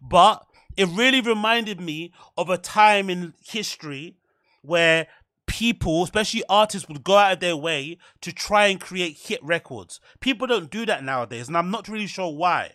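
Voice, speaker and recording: A man hosting a solo podcast, rambling in a frantic rush with barely a pause for breath. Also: high-pitched, animated, sharp tone, dry recording, clean studio sound. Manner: rambling, frantic, talks without pausing for breath. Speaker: podcast host.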